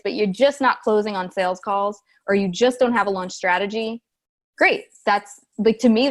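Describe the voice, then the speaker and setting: Animated woman telling coaching stories. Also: medium pitch. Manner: animated storytelling, acts out quoted voices. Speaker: business coach, podcast guest. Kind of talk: casual podcast interview.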